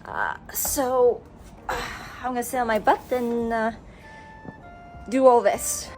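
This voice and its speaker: A woman's voice: a little high, fairly even intonation, slow pace, a little mellow, faint music behind. A young woman in a casual home vlog, chatting through an unboxing with lots of fillers and asides to her pets. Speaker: beauty vlogger. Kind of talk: casual product review vlog.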